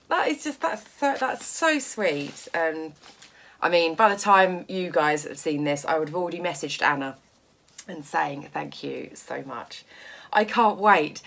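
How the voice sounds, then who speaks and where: A woman with a gushing, excitable manner who laughs often, chatting casually as a sewing vlogger. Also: medium pitch. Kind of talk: casual unboxing vlog.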